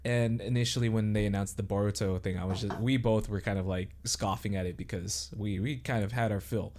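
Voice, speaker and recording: A man's voice: fairly low pitch, steady tone, brisk, background noise. A man co-hosting a casual podcast, rambling hesitantly with many restarts. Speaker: podcast co-host. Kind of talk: casual chat.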